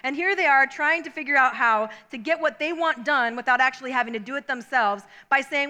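A woman preaching a sermon with a bright, ringing voice. She reads scripture and then breaks off to explain it in an easy, conversational way. Her words trail into a long reverb, as if spoken in a large hall. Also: high-pitched, normal speed, few pauses.

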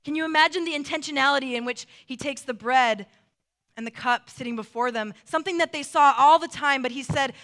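Bright-voiced woman preaching earnestly. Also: high voice. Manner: earnest, quotes scripture softly and slowly. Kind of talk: sermon.

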